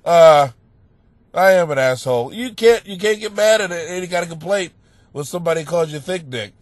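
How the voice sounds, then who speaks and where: A man hosting a comedy advice podcast, stuffed up and sniffling, rambling crudely and mocking himself with sudden loud outbursts, recorded in a home basement. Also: a little high, normal speed, dry recording. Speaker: podcast host giving advice.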